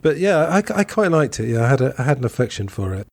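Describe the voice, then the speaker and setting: A man's voice: medium pitch, big pitch swings, fast talker, dry recording. A man hosting a podcast in a casual review chat, talking loosely and hedging often. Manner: chatty and loose, hedges often. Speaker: podcast host.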